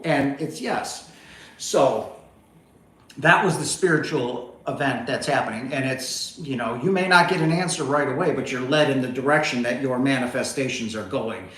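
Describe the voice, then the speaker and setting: Guy on a livestream rambling thru a story, kinda high voice, echoey room, keeps going "right?" "okay?". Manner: rambling, animated, full of asides like "right?" and "okay?". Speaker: spiritual livestream host. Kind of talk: casual storytelling monologue. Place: home, on a couch.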